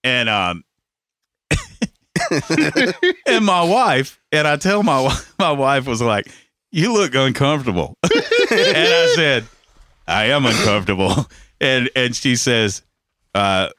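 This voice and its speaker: Animated bright-voiced man telling a story. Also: mid-range voice, slow pace, long pauses, no echo. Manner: animated, laughing, profane, repeats himself. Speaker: podcast host telling a story. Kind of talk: casual storytelling chat.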